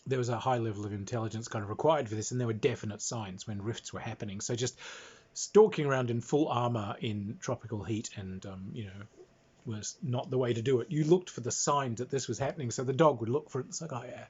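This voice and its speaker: A man's voice: medium pitch, a little fast, a little mellow, breathy edge. A man casually recounting a tabletop game in an amused, rambling way, chuckling as he goes. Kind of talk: casual anecdote. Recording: dull lo-fi recording.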